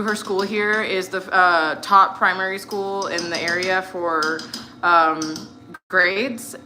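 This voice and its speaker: A woman's voice: lowish voice, sharp tone, a little hiss or hum. An American woman in her thirties, chatting casually while cooking, rambling with lots of fillers. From United States. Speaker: vlogger.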